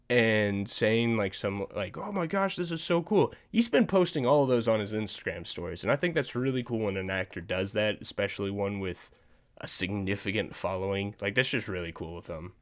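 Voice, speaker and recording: Chatty man rambling about movie news. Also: medium pitch. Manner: rambling, restarts often, chuckles at himself. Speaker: podcast host. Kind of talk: casual movie news chat.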